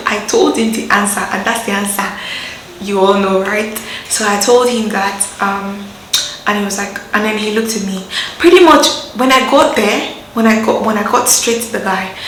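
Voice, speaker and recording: Young Nigerian woman vlogger, animated storyteller, echoey room with faint hiss. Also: mid-range voice. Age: young adult. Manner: animated, acts out quoted voices, laughs often. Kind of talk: casual storytelling to camera.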